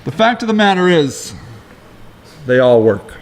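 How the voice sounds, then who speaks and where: A middle-aged man co-hosting a casual talk show, telling rambling stories in quick, lively bursts. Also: a little high. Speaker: co-host. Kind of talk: casual chat.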